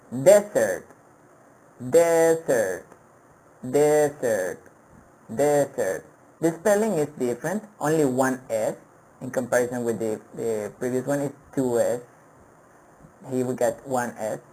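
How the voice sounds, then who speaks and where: Slow-talking male English teacher. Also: mid-range voice, dark tone, low-quality recording. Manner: patient, repeats words for pronunciation drills; hesitant with many fillers and restarts. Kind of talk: online vocabulary lesson.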